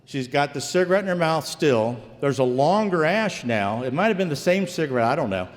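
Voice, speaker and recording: A man's voice: on the high side, expressive, a little fast, big-room sound. A man from Virginia, a former investigator, telling a true story live on stage in a folksy way, calling the audience folks.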